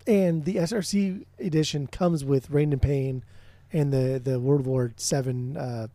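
A man's voice: medium pitch, fairly even intonation, a little slow, dark tone, no room sound. A man co-hosting a podcast in casual music chat, rambling, swearing often and restarting his sentences. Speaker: podcast co-host.

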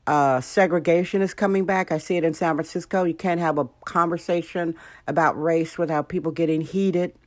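Low-voiced American woman telling stories. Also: fairly quick, no room sound. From United States. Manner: animated storytelling, acting out quoted voices. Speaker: podcast host. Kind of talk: casual monologue.

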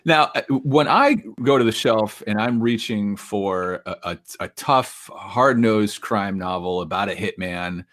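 A man's voice: lowish voice, unhurried, hardly any pauses, a bit bright. A man co-hosting a podcast, asking wry questions with frequent restarts. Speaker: podcast co-host. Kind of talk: interviewing with jokes.

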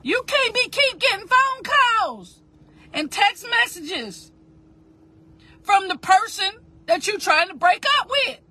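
A woman's voice: very high-pitched, sing-song, slow pace, sharp tone. A woman giving a motivational talk, repeating phrases with emphasis in a preaching cadence and asking listeners to say lines with her. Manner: addresses listeners directly and asks them to repeat. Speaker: motivational speaker.

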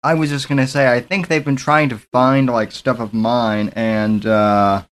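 Podcast host guy, smooth clear voice, short hesitant bits. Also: medium pitch, little pitch movement, measured pace. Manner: brief, hesitant interjections. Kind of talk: casual podcast chat.

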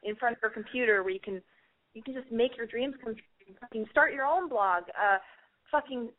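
Profane, fast-rambling woman on a tinny line. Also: fairly high pitch. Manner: profane, rambling, emphatic pep talk. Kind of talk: casual advice call-in chat. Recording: tinny phone-line sound.

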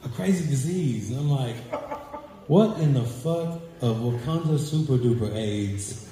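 A man's voice: medium pitch, lively intonation, unhurried. A man doing a loose, rambling stand-up set, laughing at his own jokes. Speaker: stand-up comedian. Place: club or hall with a live audience. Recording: echoey hall, noisy live room.

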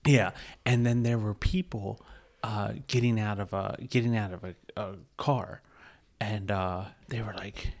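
A man's voice: fairly low pitch, fairly even intonation, measured pace, a little mellow. A man telling a rambling, profane bar story in casual podcast chat, laughing often.

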